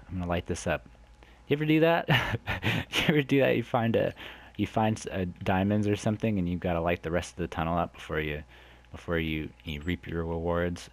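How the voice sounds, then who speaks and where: A man hosting a let's play, chatting to viewers in a rambling way and exclaiming loudly when something surprises him. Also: sits low, fairly quick. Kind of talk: gameplay commentary.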